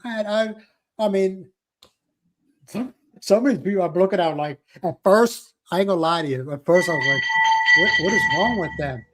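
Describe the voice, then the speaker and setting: A man chats casually on a livestream, his voice sitting a little high. He talks in an animated way, repeats phrases and laughs often as he answers viewers. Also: normal speed. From South Philadelphia. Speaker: livestream host. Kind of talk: casual live chat with viewers.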